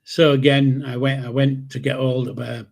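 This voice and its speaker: With a flat, gravelly delivery at medium pitch and normal speed, a seventy-something Yorkshire man hosts his channel. He relates a rambling personal story in a relaxed way, swearing freely and often starting sentences afresh.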